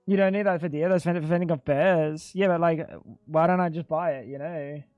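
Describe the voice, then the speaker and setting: A man's voice: on the high side, fairly even intonation, moderate pace, no echo, narrow, tinny audio. A man live-streaming a video game in casual, chatty commentary, swearing freely and calling everyone "dude". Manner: chatty, swears a lot, keeps saying "dude". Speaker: gaming streamer.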